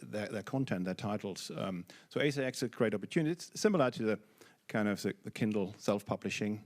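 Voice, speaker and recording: A man from an audiobook company answering a question on a panel in a measured, slightly hesitant way. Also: on the low side, expressive.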